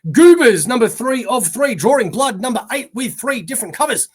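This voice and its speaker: Solo Australian male host, higher voice, reads the list flat, mutters asides. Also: fairly quick, breathy edge. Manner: reads titles like a newscaster, trailing off into mumbled asides. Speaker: comic shop pre-order show host. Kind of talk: casual solo list reading.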